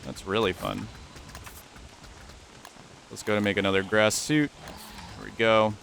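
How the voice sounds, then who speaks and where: Male let's-play commentator, lowish bright forceful voice, self-deprecating chatter, faint hiss behind. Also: flat delivery, a little slow, creaky. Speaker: gaming YouTuber.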